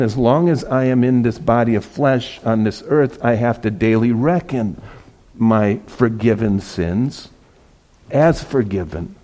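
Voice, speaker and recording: A middle-aged male pastor preaching in a loose, chatty way, with a mellow, warm tone. He laughs easily and stumbles over repeated words mid-thought. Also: medium pitch. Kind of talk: casual sermon.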